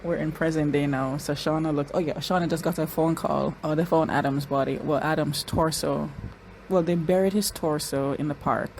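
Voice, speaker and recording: A woman's voice: low voice, steady tone, normal speed, darkish tone, slight background noise, rough recording. A woman giving casual reaction commentary on a TV episode, chatty and talking straight to the characters, with frequent restarts and repeated words. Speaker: show reaction YouTuber.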